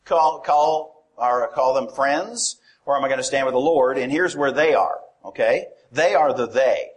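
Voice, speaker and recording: A man's voice: mid-range voice, a little slow. A man preaching a sermon in a conversational way, often asking his congregation questions.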